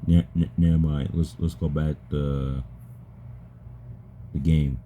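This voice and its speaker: A man with a deep voice chatting casually with an AI, halting and stammering and repeating his words. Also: steady tone, warm tone, a little hiss or hum. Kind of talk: casual chat with an AI.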